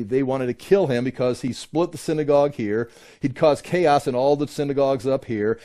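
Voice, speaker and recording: A man teaching a Bible class in an explanatory way, often pausing with "uh" and restarting his sentences. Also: mid-range voice, warm tone.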